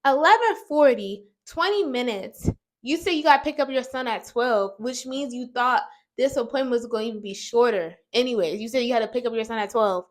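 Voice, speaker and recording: A young woman vlogger telling an exasperated, animated story to her viewers while doing her makeup. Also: a little high, fairly quick. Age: young adult.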